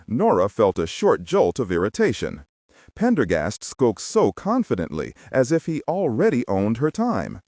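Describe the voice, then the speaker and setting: A male audiobook narrator with a lowish voice who swings his pitch widely as he reads a thriller. The recording is close and dry, with no room sound. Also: wildly swooping pitch, normal speed, mellow, no echo. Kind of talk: scripted narration.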